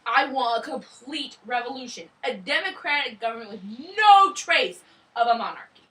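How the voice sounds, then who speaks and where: A woman's voice: a little high, expressive, moderate pace, a bit bright, recorded from a distance, rough recording. A woman playing a ruthless male revolutionary leader in a school history role-play, defiant and scornful. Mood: cold.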